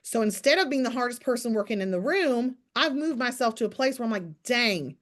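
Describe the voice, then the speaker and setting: Her fairly high, animated voice moves along fairly quickly as she hosts a morning business call through a video-call mic. The team leader coaches in a casual, chatty, direct way, speaking to listeners by name.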